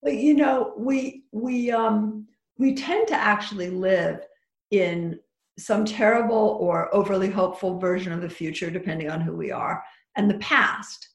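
A woman's voice: medium pitch, measured pace, roomy sound. A woman talking as a podcast guest who teaches psychic workshops, chatty and full of restarts and advice. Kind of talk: casual podcast chat.

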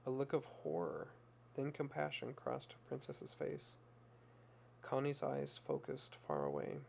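Gravelly man narrating a story. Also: mid-range voice, sing-song, unhurried, a little mellow, a little hiss or hum.

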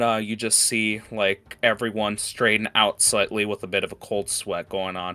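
A man's voice: on the low side, level tone, moderate pace, hardly any pauses, pushed and bright. A man narrating a tabletop game as game master in a rambling style full of fillers. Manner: rambling, filler-heavy, laughing.

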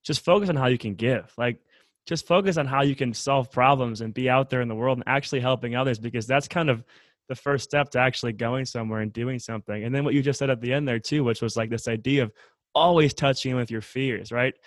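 A man's voice: medium pitch, fast, no room sound. Casual male podcast host. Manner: relaxed, uses many fillers like "like". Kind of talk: casual chat.

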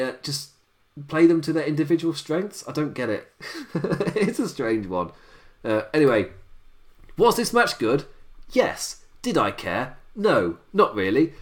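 A man talks through a wrestling show in a loose, rambling livestream style, his voice tired from a late night. He laughs often at his own remarks. His pitch sits in an ordinary middle range. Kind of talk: casual livestream commentary.

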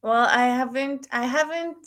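A woman's voice: sits high, normal speed, a bit bright. Woman hosting a podcast, rambly casual chat, laughs a lot. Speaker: podcast host.

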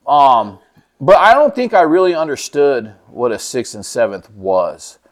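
A man's voice: mid-range voice, sing-song, a little slow. A man sharing his recovery story in a casual, profane way, acting out what people said. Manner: profane, laid-back, acts out quoted dialogue.

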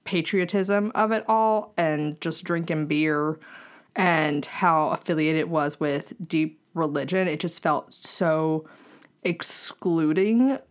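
With a low-pitched, clear and resonant voice, a young Southern woman takes her time as she co-hosts a casual podcast conversation. She laughs often and keeps restarting her sentences.

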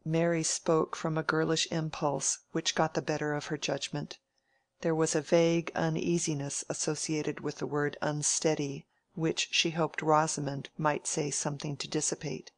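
A woman reads a classic novel aloud as an audiobook narrator. Her voice is low and her delivery is measured and even. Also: gravelly.

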